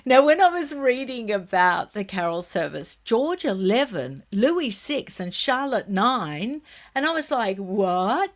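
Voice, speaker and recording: A middle-aged woman hosting a royal commentary vlog, chatting in a gossipy, expressive way and laughing often. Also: on the high side, measured pace.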